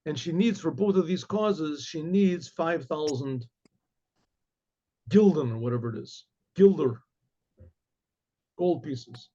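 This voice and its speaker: A man, a rabbi, telling a story in a casual, rambling way, often restarting and clearing his throat. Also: a little high, a little mellow. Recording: dull lo-fi recording.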